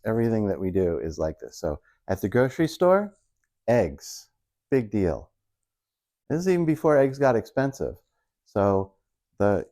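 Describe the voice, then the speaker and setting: A middle-aged stand-up comedian rambles through casual stories about everyday married life, mocking himself along the way. His voice is medium-pitched and mellow.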